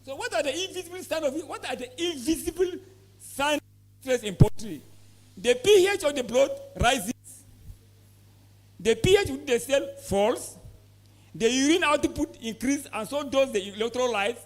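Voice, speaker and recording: A man's voice: very high voice, lively intonation, moderate pace. A man with a Nigerian English accent giving an emphatic conference talk to poultry farmers, often quizzing the audience with repeated questions. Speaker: poultry expert presenter. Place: conference hall.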